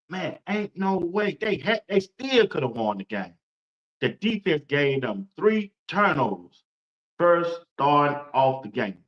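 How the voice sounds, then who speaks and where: A man hosting a casual sports talk stream, animated, repeating his points and imitating crowd noises. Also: on the high side. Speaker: sports talk show host. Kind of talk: casual sports commentary to viewers. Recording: dull lo-fi stream audio.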